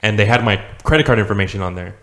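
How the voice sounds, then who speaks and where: A man with a fairly low voice who talks quickly in a casual chat. He says "dude" and "bro" throughout and keeps his stories rolling. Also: a bit bright.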